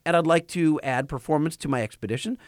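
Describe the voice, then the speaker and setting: A man's voice: a little high, quick pace, no room sound, studio quality. A man co-hosting a casual car podcast, reading listener questions in an easygoing way. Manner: easygoing, stumbles over names. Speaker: podcast co-host.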